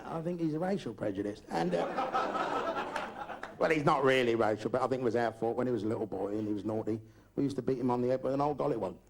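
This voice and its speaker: Performing live in a comedy club, an older man from Britain delivers a crude, meandering stand-up set packed with constant swearing. He speaks quickly at a medium pitch, captured in a noisy live recording.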